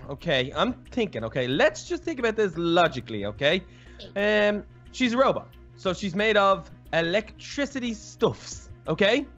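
A man playing a Minecraft role-play, talking fast and goofing while planning aloud. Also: high voice, sing-song, a bit bright, lo-fi sound, faint music behind. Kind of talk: joking in-character chat.

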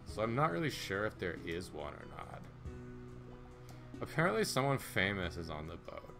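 A man's voice: sits low, big pitch swings, normal speed, gravelly, music in the background, heavily acted. A man voicing an easygoing, gossiping passenger in a video game.

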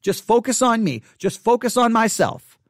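A male pastor teaching catechesis in sermon style, emphatic and repetitive, hushing his voice for quoted thoughts. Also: very high voice, expressive, moderate pace, dry recording, studio quality.

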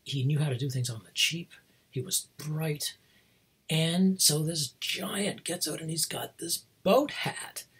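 A man's voice: a little high, measured pace, fairly bright tone, husky. A middle-aged man hosting, recounting things in a casual, rambling monologue, chuckling often between restarts. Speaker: host.

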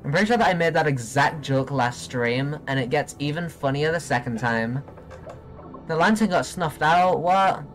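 A young man streaming a video game live, chatting excitably and giggling with his viewers. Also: fairly high pitch, unhurried, soft background music. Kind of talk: live gameplay commentary.

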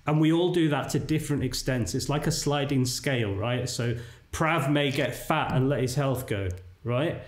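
A middle-aged man talks through his career in a relaxed, conversational way, and he keeps checking in with the listener. His voice has a mid-range pitch, and it sits in a noticeably echoey room. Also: moderate pace. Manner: chatty, keeps checking in with "right?". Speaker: podcast guest, dental marketing entrepreneur. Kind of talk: casual conversational interview. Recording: roomy echo.

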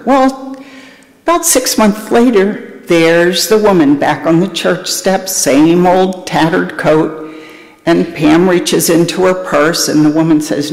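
A pastor preaching a sermon with illustrative stories, speaking deliberately in a church sanctuary. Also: medium pitch. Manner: storytelling, deliberate. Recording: echoey church hall, long reverb.

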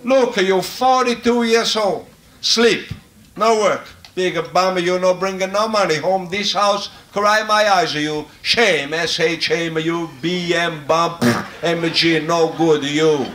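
A man's voice: sits high, unhurried, a bit bright, roomy sound. A man voicing a scolding middle-aged immigrant mother who nags in clipped, broken English, on a live stage recording. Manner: nagging, clipped broken phrases.

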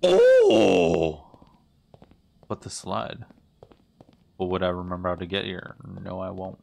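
A man's voice: sits low, completely flat delivery, normal speed, vocal fry. A man in his twenties muttering uneasy reactions as he plays through a game and comments on it. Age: 20s. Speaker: gaming YouTuber. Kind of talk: gameplay commentary.

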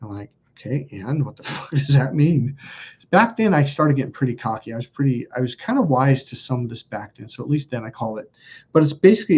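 A man's voice: mid-range voice, warm tone, husky, dull audio. A man hosting a live stream, telling stories in a blunt, profane, self-mocking casual chat. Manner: blunt, profane, laughs at himself.

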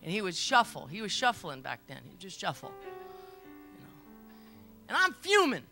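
A woman's voice: medium pitch, wildly swooping pitch, normal speed, bright, forceful tone, faint music behind. A middle-aged woman pastor preaching a sermon, telling stories emphatically, repeating phrases and laughing along as she goes. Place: church service.

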